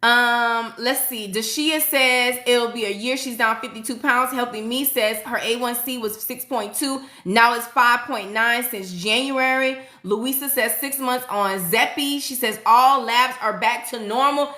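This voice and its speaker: A middle-aged woman nurse hosting a casual livestream, excitedly reading viewers' comments aloud and hyping them up. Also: on the high side, unhurried, hardly any pauses, roomy sound. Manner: excitable, hypes viewers up, frequent "y'all".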